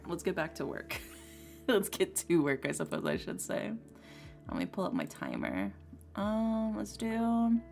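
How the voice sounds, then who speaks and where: A woman's voice: on the low side, creaky. A young woman streaming as she draws, chatting casually and rambling through her story with lots of "like" and "um". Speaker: streaming artist. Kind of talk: casual chat while drawing. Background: soft lo-fi music.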